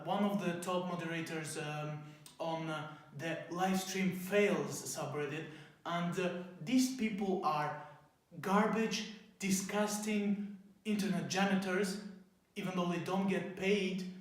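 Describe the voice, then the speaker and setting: A man hosting a parody news show, ranting in a rambling, profane way with many fillers. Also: fairly high pitch. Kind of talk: mock news commentary. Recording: very echoey room.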